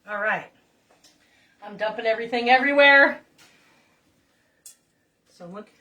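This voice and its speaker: A woman's voice: a little high, animated, moderate pace, long pauses, bright, forceful tone, distant mic, slight background noise. A middle-aged woman chatting and rambling through stories while cooking in her home kitchen, talking straight to her viewers. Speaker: home cook vlogger. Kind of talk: chatty cooking vlog storytelling.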